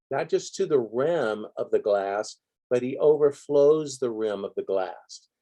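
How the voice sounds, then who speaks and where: A man's voice: medium pitch, warm tone. A middle-aged man teaching a sermon in an earnest, rhythmic way, coming back again and again to a repeated refrain. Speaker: preacher.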